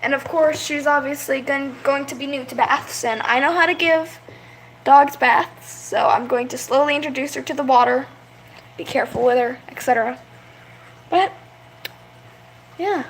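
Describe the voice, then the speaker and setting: High-voiced young woman vlogging. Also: moderate pace, long pauses, a little hiss or hum. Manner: rambling, chatty, coos at her pets. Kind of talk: casual vlog chat.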